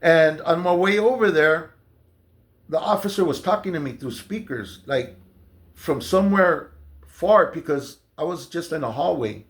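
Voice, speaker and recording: Gravelly-voiced man telling a story. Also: fairly high pitch, animated, unhurried. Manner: loose, conversational, many fillers and restarts. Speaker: storyteller recounting jail experiences. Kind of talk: casual storytelling monologue.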